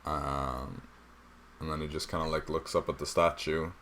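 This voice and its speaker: A man's voice: extremely low pitch, steady tone, normal speed, very noisy. A young man narrating as dungeon master of a tabletop game, hesitant with many fillers. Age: young adult.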